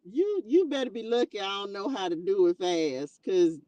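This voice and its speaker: A woman hosts a casual livestream at a moderate pace with a medium-pitched voice; the recording has no echo but the highs are cut off. Speaking into a tablet mic, she's chatty and expressive, calling viewers baby and child, with bursts of laughter.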